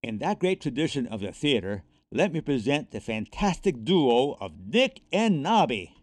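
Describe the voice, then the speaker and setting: A nervous TV host announces with showman flair, put on by a man reading a storybook. His pitch moves lively, and the voice sounds dry and close. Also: normal speed, dry recording, lightly acted. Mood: grand. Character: nervous male TV show host.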